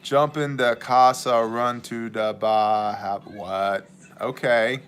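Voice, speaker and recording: Bright-voiced man chatting on a livestream. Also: medium pitch, steady tone, takes it slowly, clean tone. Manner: joking, rambling, drifts into mock voices. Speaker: livestream host and ministry leader. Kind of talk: casual livestream chat reading viewer messages.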